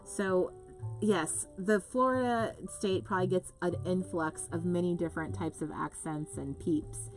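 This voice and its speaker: A woman's voice: fairly low pitch, unhurried, faint music behind. A woman hosting a live crafting show, chatting casually, reading out viewer comments and laughing often.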